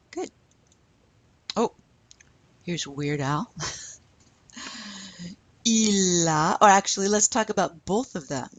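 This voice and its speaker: A woman's voice: mid-range voice, very slow, long pauses, dry recording. A woman teaching a French lesson, patiently asking questions and then modeling the answers. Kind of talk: recorded classroom lesson.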